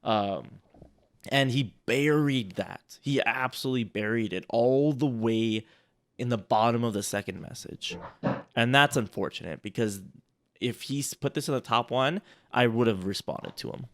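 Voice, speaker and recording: A man's voice: medium pitch, normal speed, a bit bright. Guy co-hosting a chill chat, keeps restarting sentences, laughs a lot. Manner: rambling, restarts sentences often, laughs easily. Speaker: co-host reviewing sales outreach. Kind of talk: casual chat.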